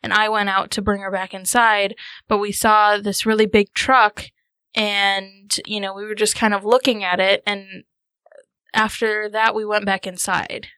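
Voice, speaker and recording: Bright-voiced woman role-playing. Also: mid-range voice, flat delivery, unhurried, clear, resonant tone, no echo. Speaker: player. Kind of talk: tabletop role-play, in character.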